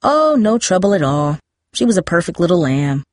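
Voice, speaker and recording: A woman's voice: medium pitch, expressive, normal speed, no echo, studio quality, close to an everyday voice. A woman voicing a kindly, reassuring middle-aged neighbor in a storybook reading. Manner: warm, reassuring.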